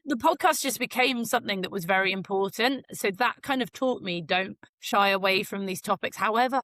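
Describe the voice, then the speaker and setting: A woman's voice: medium pitch, a little fast, fairly bright tone. A middle-aged woman from Britain, a broadcaster talking as a podcast guest in a candid, rambling way, swearing and joking. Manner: frank and jokey, swears, rambling tangents. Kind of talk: candid conversational interview.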